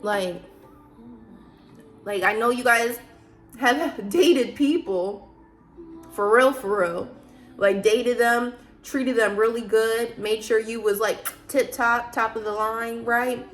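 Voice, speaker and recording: A woman's voice: a little high, slow, soft background music. A woman vlogger talking casually about faith, emphatic and preachy, with many rhetorical questions. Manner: loose, chatty, frequent fillers. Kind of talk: casual faith talk to camera.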